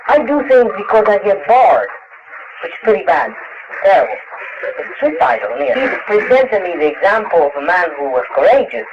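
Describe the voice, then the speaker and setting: A man tells stories at a lecture question session, halting and restarting, dropping fillers and laughing often. His voice sits high and swings widely in pitch. The dull, lo-fi 1960s tape carries a steady hiss. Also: gravelly. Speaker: interviewed author. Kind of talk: lecture Q&A, casual storytelling.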